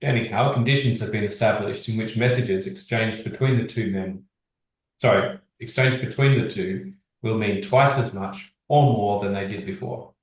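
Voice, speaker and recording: A man teaching history revision, reading exam sources aloud at a steady pace and discussing them. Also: on the low side, moderate pace, distant mic. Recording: very echoey, from across the room.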